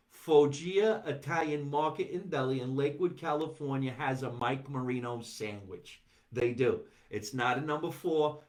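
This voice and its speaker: A man hosting a live stream from his basement, chatting loosely, reading viewer comments and riffing with animated bursts. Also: mid-range voice. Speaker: podcast host. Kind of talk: casual live-stream chat. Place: home basement.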